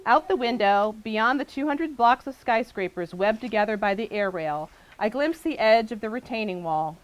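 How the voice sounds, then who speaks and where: A woman author addressing a book signing audience and reading her novel aloud with a lively, expressive delivery. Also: a little high, moderate pace, low-quality recording.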